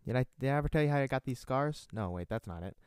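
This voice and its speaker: A man's voice: medium pitch, animated, very fast, a little mellow, clean tone, no room sound, clean studio sound, voice pushed up, close to an everyday voice. A man doing a voice impression of an unhinged, mocking male villain, drawling and dropping into whispers. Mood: menacing.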